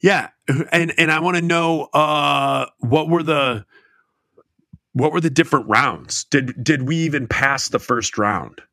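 A middle-aged man co-hosts a podcast in loose, rambling chat and pokes fun at the show. His voice is bright and forceful. The sound is dry and close. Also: a little high, measured pace, no room sound. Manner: rambling, self-deprecating, breaks into silly put-on accents. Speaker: podcast co-host. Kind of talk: casual chat.

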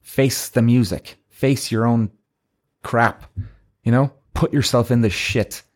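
A man's voice: mid-range voice, takes it slowly. Blunt, swearing man ranting to listeners. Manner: profane, ranting, keeps asking "right?"; acts out quoted voices. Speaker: podcast host. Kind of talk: blunt motivational monologue.

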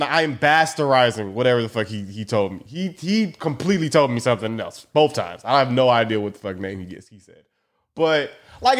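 A man's voice: high voice, fairly bright tone. A man hosting a podcast, telling a rambling, profane, joking story into a phone mic. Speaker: podcast host. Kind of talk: casual storytelling monologue.

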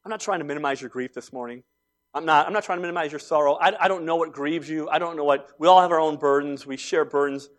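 A man's voice: on the high side, fast. Man, forties, pastor, sermon, conversational storytelling, emphatic peaks. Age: 40s.

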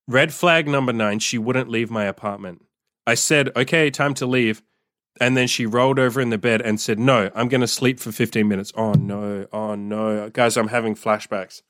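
A man's voice: medium pitch, fairly even intonation, normal speed, fairly bright tone, no room sound, studio quality. A young man telling a story from his diary in a casual podcast monologue, swearing often and reacting aloud as he reads. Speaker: podcast host reading his old diary.

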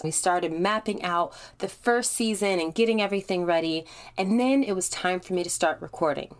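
A woman's voice: on the low side, moderate pace, clear, resonant tone. A woman hosting her own podcast, talking candidly and directly to the listener in a chatty way. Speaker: podcast host. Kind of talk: solo podcast monologue.

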